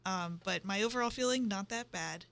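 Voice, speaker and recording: A woman co-hosting a casual movie-review podcast, relaxed and musing. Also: mid-range voice, normal speed, gravelly. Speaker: podcast co-host.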